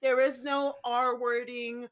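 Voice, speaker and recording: A woman's voice: a little high, flat delivery, slow pace. A woman co-hosting a casual podcast, emphatically laying down her opinion. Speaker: podcast co-host.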